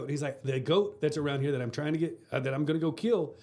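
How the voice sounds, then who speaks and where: Man, rambling storyteller, laughs a lot, slightly higher voice; casual podcast co-host. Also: lively intonation, brisk, dark tone. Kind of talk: casual chat.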